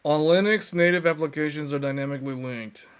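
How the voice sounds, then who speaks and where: Animated, exasperated male tech host. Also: a little high, a little fast, clear, resonant tone. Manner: animated, exasperated, lots of fillers. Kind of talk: casual livestream chat.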